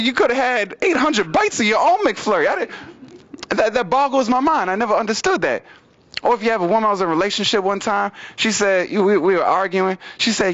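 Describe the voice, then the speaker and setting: A man doing open mic stand-up comedy, with a loose, rambling delivery full of fillers and repeats, swinging his pitch widely for impressions. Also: lively intonation, fairly quick, a bit bright, muffled recording. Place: small studio stage with audience.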